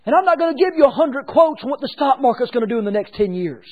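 A man preaching a sermon as pastor, swinging between hushed lines and shouted ones. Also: very high voice, big pitch swings, quick pace, phone-quality sound.

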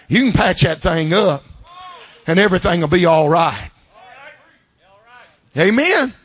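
High, bright preacher man. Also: dry recording. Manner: folksy preaching, swings from loud shouted climaxes to quiet asides. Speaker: pastor. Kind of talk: sermon. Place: church service.

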